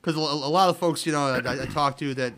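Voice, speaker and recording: A man's voice: a little high, fast talker, fairly bright tone. A man talking as a guest on a casual podcast, rambling and often restarting his sentences.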